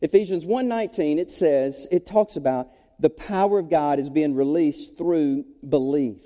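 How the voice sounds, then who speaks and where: A man preaching a sermon as pastor, animated, folksy and joking. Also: fairly high pitch, moderate pace. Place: church sanctuary. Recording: long reverb of a large hall.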